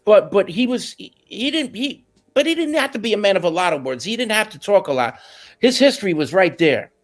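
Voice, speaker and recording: Lively high-voiced man telling stories. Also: a little fast. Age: middle-aged. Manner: animated, slangy, slips into Spanish. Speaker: musician guest. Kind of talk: casual interview storytelling.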